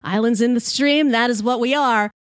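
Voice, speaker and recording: A woman voicing her supportive, quick-witted boyfriend in a told story, with cutting comebacks. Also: fairly high pitch, no echo, studio quality. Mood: heckling back. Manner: calm, then cutting comebacks.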